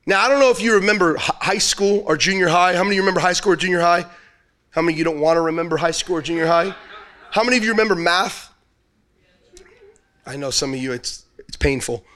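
Male pastor with a high voice, chatty storyteller in the pulpit, quizzes the crowd. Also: quick pace, pauses often, bright, forceful tone. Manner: casual storytelling preacher who asks the audience questions. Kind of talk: sermon.

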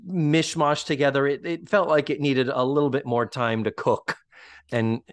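Animated podcast host, a man. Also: mid-range voice, normal speed, no room sound. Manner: animated, acts out quotes, swears casually. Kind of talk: casual chat.

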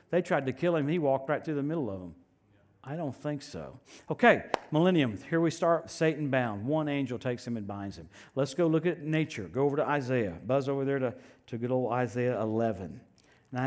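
An older man preaching a sermon, telling stories with animated voice swings between loud and soft. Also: medium pitch.

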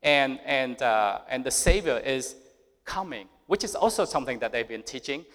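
Male pastor, mid-pitched voice, chatty sermon with scripture reading, long hall reverb. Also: animated, moderate pace, fairly bright tone. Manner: conversational preaching, reads scripture then asks listeners questions.

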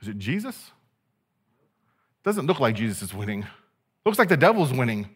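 A male pastor delivering a sermon in a lively, conversational way. He jokes with his listeners and acts out the people in the story. His voice sits at a middle pitch for a man. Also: moderate pace, husky. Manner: animated, conversational preaching with playful asides.

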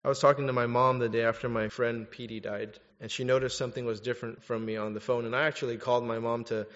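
Candid preacher with a hall echo. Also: male voice, mid-range voice. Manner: candid, animated storytelling; direct, exhorting. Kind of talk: sermon. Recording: dull recording in a reverberant hall.

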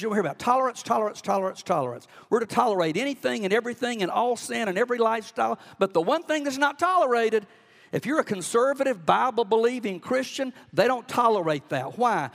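Man, Southern US accent, preacher, folksy and fervent, raised pitch, gravelly, church reverb. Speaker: pastor. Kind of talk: sermon. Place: church sanctuary. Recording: long church hall reverb.

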